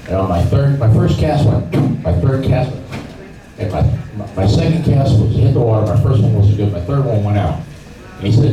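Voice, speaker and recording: A middle-aged man with a lowish voice spins animated fishing stories, acting out voices and sounds along the way. He is picked up from far off in an echoey room with steady background noise. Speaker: fishing guide giving a club talk. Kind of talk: storytelling seminar talk. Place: club meeting room.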